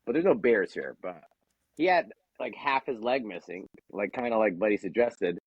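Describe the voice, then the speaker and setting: A man's voice: fairly low pitch, normal speed, husky, dry recording, muffled recording. A man guesting on a podcast, rambling through stories in casual chat. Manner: rambling, lively, laughs mid-story. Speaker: guest comedian.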